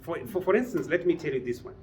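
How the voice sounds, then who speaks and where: A man's voice: on the high side, animated, fast, a little hiss or hum. A man teaching a business writing class, lecturing and often putting questions to his students. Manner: quizzes the class with frequent questions. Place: training room with a class.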